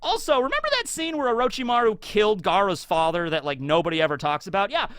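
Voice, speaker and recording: A man with a high, bright voice delivers a casual anime commentary monologue as host of his channel. He is excitable and keeps tagging his points with "okay?". The sound is dry and close, with no room around it. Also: fast talker, clear, resonant tone, no room sound. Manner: excitable, tags sentences with "okay?". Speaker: YouTube host.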